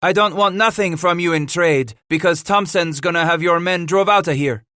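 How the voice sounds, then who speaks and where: A jittery French trading-post keeper, as a narrator voices him, stammering and pleading in a high, thin voice. He sounds cornered and anxious. The recording is close and dry. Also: normal speed, pushed and bright, dry recording. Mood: nervous.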